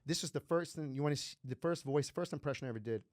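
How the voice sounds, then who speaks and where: A man who grew up around New York, a comedian chatting on a podcast, telling lively stories and slipping into voices. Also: a little high, quick pace, no room sound, clean studio sound. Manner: animated storyteller, slips into voices and laughs. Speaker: comedian guest. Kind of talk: casual podcast chat.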